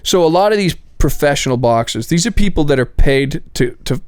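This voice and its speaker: Animated, smooth-voiced man telling stories. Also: on the high side, a little fast, no echo, studio quality. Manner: animated storyteller, acts out quotes, swears a lot. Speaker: podcast co-host. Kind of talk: casual chat.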